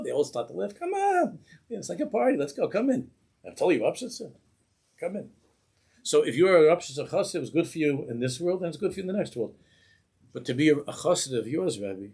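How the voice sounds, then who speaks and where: A man's voice: lowish voice, creaky, husky. A man, a rabbi, giving a sermon in a synagogue and telling a story, acting out the voices in it. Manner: animated storytelling, acts out voices in the tale.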